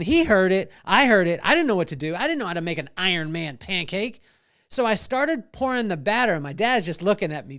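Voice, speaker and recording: A middle-aged man hosting a devotional podcast, telling a personal story with animated delivery and acted-out voices. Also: sits high. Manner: animated, acts out voices in stories. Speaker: podcast host.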